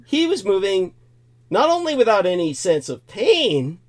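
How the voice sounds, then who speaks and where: A man's voice: sits high, sing-song, unhurried. A male host telling a long personal story in a digressive, repetitive way, chuckling now and then. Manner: digressive, repeats himself, chuckles as he tells it. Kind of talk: rambling spoken storytelling.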